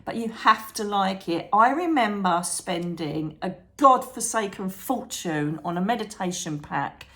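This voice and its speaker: A woman chatting to camera about meditation as a psychic medium and channel host, animated, calling viewers darling and trailing off mid-thought. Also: medium pitch, unhurried, hardly any pauses. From England. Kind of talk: chatty advice vlog to camera.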